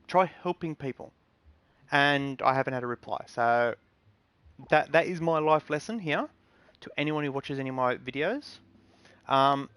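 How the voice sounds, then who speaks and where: Male streamer, mid-pitched, earnest and rambling, dry close sound. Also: a bit bright, dry recording. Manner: rambling, earnest advice with many ums and restarts. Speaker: game streamer. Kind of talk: casual live-stream talk.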